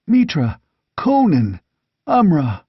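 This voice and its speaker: A man's voice: a little high, wildly swooping pitch, slow pace, slightly rough, no echo, pitched above the performer's own voice, exaggerated voice. A man voicing a jittery, pleading merchant. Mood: startled. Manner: anxious, pleading, hushed. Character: nervous, fearful wealthy male merchant. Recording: dull, dry lo-fi audiobook recording.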